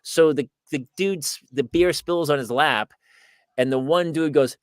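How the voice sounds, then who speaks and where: A man's voice: a little high, unhurried, smooth, no echo. A middle-aged American man telling stories on a podcast with lots of energy. He jumps into other people's voices as he recounts them. His voice is dry and close, with no room sound. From United States. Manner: animated storyteller acting out quoted voices. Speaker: podcast co-host. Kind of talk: casual chat.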